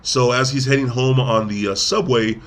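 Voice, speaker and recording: A man's voice: mid-range voice, fairly even intonation, normal speed, a bit bright. A man co-hosting a podcast, casually retelling a film's plot with lots of fillers and restarts. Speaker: podcast co-host. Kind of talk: casual film review chat.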